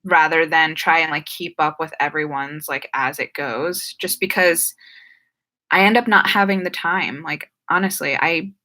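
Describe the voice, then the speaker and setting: Answering viewer questions on a live stream, a young woman with a New Jersey and Philadelphia accent chats in a low, sharp voice that is a little slow and fairly even in intonation. She says "like" and "um" often and occasionally stumbles over words.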